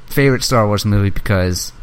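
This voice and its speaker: A young man chatting excitedly as a podcast co-host, swearing freely and acting out movie lines as he retells scenes. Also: fairly low pitch, brisk, smooth. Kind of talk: casual chat.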